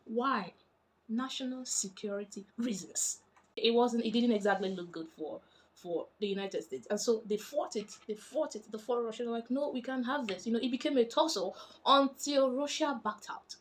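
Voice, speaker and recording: A woman's voice: a little high, normal speed, slight background noise. A woman, chatty and emphatic, explaining international politics in a casual vlog. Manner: chatty and emphatic, animated when making points.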